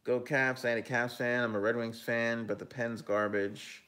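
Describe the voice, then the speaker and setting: A medium-pitched, fairly bright voice with fairly even intonation and a moderate pace belongs to a man hosting a live hockey talk stream. Casual and chatty, the host and analyst gives his picks and reads viewer comments aloud, often saying um and correcting himself.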